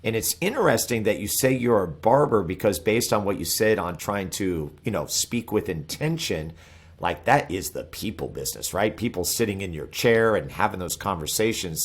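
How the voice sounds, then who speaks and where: Male podcast host, lowish voice, casual, encouraging. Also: sing-song, moderate pace, breathy edge. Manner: encouraging, frequent short affirmations. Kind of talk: casual interview.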